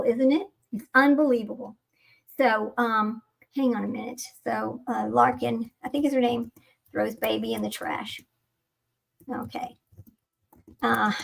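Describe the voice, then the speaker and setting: Gravelly, rambling woman host. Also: on the high side. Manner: rambling, distracted, incredulous. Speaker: channel host. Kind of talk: casual commentary while browsing videos.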